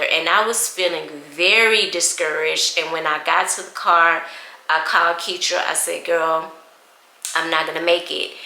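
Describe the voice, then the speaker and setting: A woman's voice: on the low side, sharp tone. A woman, telling an emotional story to her viewers in a casual chat. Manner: emotional, chatty, addresses viewers as y'all. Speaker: vlogger. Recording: echoey room.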